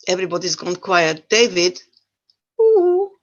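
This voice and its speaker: A woman's voice: on the low side, a little slow, fairly bright tone, husky, lo-fi sound. An older woman with a Central European accent, giving a talk and telling her life story with wry humor. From Yugoslavia. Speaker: guest speaker. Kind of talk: talk to an online audience.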